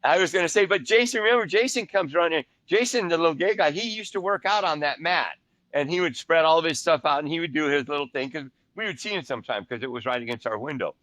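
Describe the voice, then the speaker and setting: An older man co-hosting a podcast, telling prison anecdotes in a relaxed, rambling chat. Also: fairly high pitch, quick pace, dry recording. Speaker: podcast co-host. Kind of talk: casual storytelling chat.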